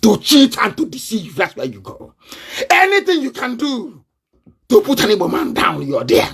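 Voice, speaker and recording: Fiery high-voiced Nigerian man. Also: wildly swooping pitch, normal speed, vocal fry, fairly bright tone, husky. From southeastern Nigeria. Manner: fiery and confrontational, with mocking laughter. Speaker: broadcaster. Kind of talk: live online broadcast.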